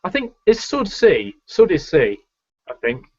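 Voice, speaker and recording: A man talks beer in a casual, halting way, often breaking off to correct himself. His voice sits a little high for a man. The sound is muffled and lo-fi. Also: wildly swooping pitch. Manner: hesitant, self-correcting. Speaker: guest co-taster. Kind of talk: casual beer tasting chat.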